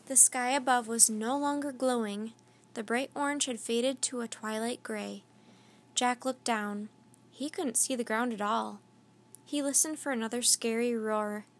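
Woman storyteller for a kids' book read-aloud, slightly high voice, clear expressive pacing. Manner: slow, clear, expressive reading.

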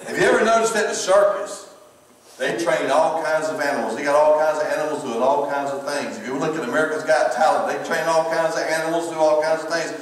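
A man's voice: on the high side, brisk. A middle-aged man with a Southern US accent preaching a humorous sermon, folksy, laughing often and repeating words. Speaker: pastor. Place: church sanctuary. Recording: echoey hall from far off.

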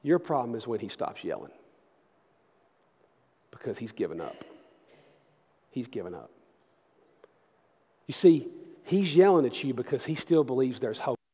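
A pastor doing his quiet, steady father. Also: medium pitch, unhurried, pauses often, in a large hall, natural voice. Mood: gentle counsel. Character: calm wise father, middle-aged man, quiet and steady.

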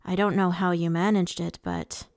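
A woman's voice: on the low side, little pitch movement, normal speed, no echo, studio quality, lightly acted. A woman reading the lines of a suave, menacing male fae lord, with a purring, taunting delivery.

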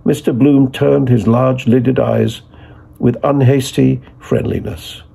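A man reading literary fiction aloud in a measured, deliberate way. His voice is very husky and heavily gravelly, with a dark, mellow tone throughout. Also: medium pitch, fairly even intonation. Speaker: reader.

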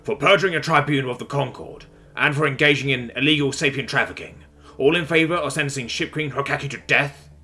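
A man's voice: medium pitch, fast talker, pushed and bright, soft background music, lightly acted. A man voicing a commanding male alien judge who speaks in formal, proclaiming tones in an audiobook story.

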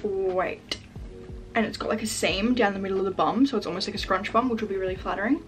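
A young woman vlogger chatting casually while unboxing packages at home, gushing and excitable, full of "like" fillers. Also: medium pitch, fast, over music. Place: room at home. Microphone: camera set up in front of her.

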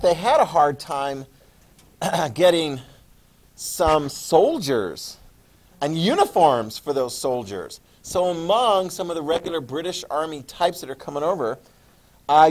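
A man teaching a history class, talking casually and checking in with his students often. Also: on the high side. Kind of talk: classroom lecture.

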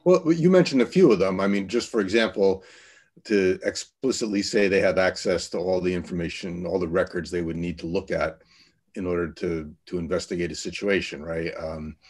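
A man with a low voice leads an online committee meeting. He talks in loose, halting sentences full of fillers and restarts. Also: a little mellow. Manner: hesitant, many fillers and restarts. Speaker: task force chair.

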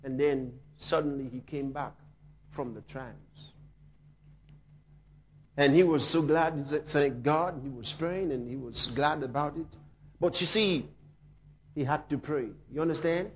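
A male pastor telling a story in a sermon, swinging dramatically from hushed tones to shouting. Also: on the high side, unhurried, pauses often, slight background noise.

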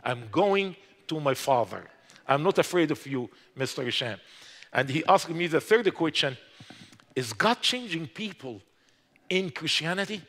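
A man's voice: a little high, animated, a little slow, fairly bright tone, in a large hall. A man from Egypt, telling his personal testimony with emphatic, English. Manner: emphatic storytelling with non-native English. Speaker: guest telling his conversion story.

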